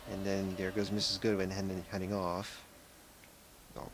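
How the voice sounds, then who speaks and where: A man's voice: low voice, completely flat delivery, normal speed, long pauses, a little hiss or hum. A young man giving casual gameplay commentary, rambling and often correcting himself. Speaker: let's play gamer.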